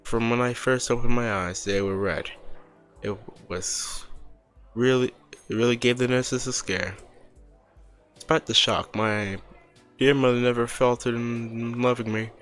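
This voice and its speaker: A man's voice: mid-range voice, fairly even intonation, unhurried, pauses often, a bit bright, soft background music, pitched above the performer's own voice, lightly acted. A man voicing a vain, showy male superhero who speaks in grand, self-satisfied lines. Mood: smug, showy.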